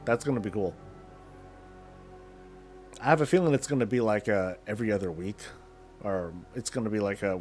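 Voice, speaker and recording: A man with a fairly low voice rambles casually through a live gaming stream and answers chat as he goes. Faint music plays underneath. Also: darkish tone. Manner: rambling, answers chat between in-game moves.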